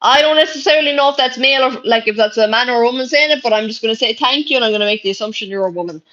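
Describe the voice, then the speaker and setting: A woman's voice: on the high side, racing, a bit bright. A young Irish woman streaming live, reading chat messages aloud in brash, sweary casual talk. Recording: dull lo-fi stream audio.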